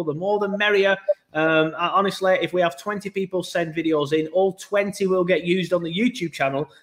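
A man with a somewhat high voice hosts a fan podcast. He talks to his listeners directly and in a friendly manner, wrapping up segments and inviting them to join in. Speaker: podcast host. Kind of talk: podcast monologue.

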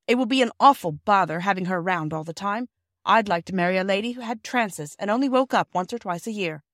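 A woman's voice: mid-range voice, a little fast, no echo, studio quality, close to an everyday voice. A woman voicing a cocky young boy in a storybook reading, speaking in a blunt, matter-of-fact way.

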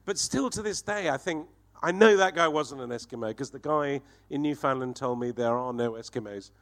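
A man, telling a profane, animated anecdote and laughing through it as a comedy guest. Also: mid-range voice, moderate pace. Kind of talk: anecdotal storytelling.

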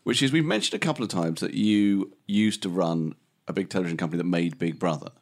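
A man's voice: low-pitched, quick pace. A middle-aged man from Britain hosting a podcast, chatting casually and self-deprecatingly, often laughing. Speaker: podcast host. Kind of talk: casual chat.

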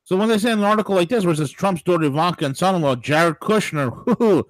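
A man hosting a political talk radio show, ranting in an animated way, with mock voices and laughter. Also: high voice, fast, dry recording.

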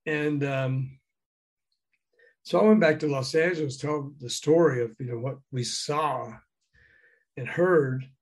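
An older man, a guest in an interview, telling animated anecdotes with chuckles and acting out quoted dialogue. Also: fairly high pitch, slow pace, pauses often, husky. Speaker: guest, former record promotion man. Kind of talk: casual storytelling interview.

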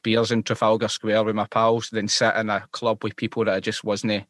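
A Scottish man hosting a casual interview, agreeable and quick with short replies. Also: lowish voice, completely flat delivery, fairly bright tone, no echo, studio quality. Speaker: podcast host.

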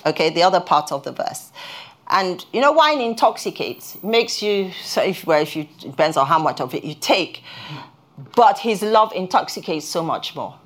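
A woman's voice: on the low side, very animated, a bit bright. Earnest woman preaching a sermon. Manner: earnest, halting restarts, rises when stirred. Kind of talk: sermon with personal testimony.

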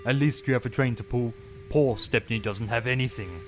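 A man voicing a boastful, pompous male tank engine in a storybook reading, with a sneering, drawn-out delivery. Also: mid-range voice, faint music behind, natural voice.

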